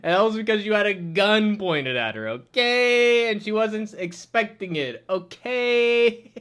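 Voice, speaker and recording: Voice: mid-range voice, very animated, unhurried, fairly bright tone. This is a reviewer talking to camera in an indoor room, tearing into a show with crude, mocking jokes. The delivery keeps collapsing into hysterical laughter. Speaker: video reviewer. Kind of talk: excited reaction commentary.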